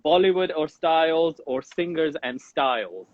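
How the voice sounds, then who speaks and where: A man's voice: a little high, lively intonation, unhurried, no echo, lo-fi sound. A man hosting a podcast interview with Indian English speech, who sets playful challenges and counts down in an upbeat, teasing way. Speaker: podcast host.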